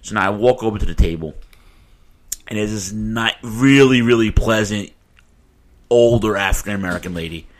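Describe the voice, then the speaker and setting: A man's voice: on the low side, normal speed, long pauses. A man co-hosting a casual chat, telling a story with plenty of swearing and animation. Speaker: podcast co-host telling a story.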